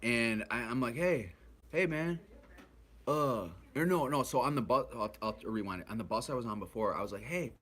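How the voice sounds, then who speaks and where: A man's voice: medium pitch, quick pace, hardly any pauses, fairly bright tone, breathy edge. A man telling a rambling, profane story about his addiction, acting out the other people's voices. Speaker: vlogger recounting his addiction. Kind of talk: casual storytelling.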